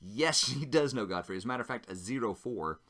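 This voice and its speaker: A man's voice: mid-range voice, animated, a little fast, sharp tone. A man narrating a solo tabletop role-playing game, chatting casually and thinking aloud as he rolls dice.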